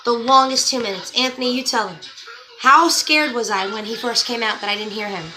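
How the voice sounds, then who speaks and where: A young woman vlogger telling a story in a casual, animated way, acting out what others said in her own voice. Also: on the high side, fairly quick, low-quality recording. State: pregnant. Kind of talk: casual story-time chat to camera. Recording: faint music behind.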